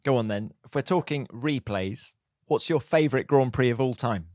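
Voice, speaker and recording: A man co-hosting a sports podcast, upbeat and expressive, also reading an ad. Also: medium pitch, normal speed, dry recording, studio quality. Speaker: podcast co-host.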